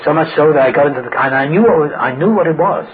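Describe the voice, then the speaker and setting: A man's voice: a little high, racing, crowd noise. A middle-aged man speaking at a recovery meeting, telling his own story with humor and acting out the voices of people he quotes. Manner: animated, acts out quoted voices. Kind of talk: humorous personal storytelling talk. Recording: tinny phone-like old recording with hiss.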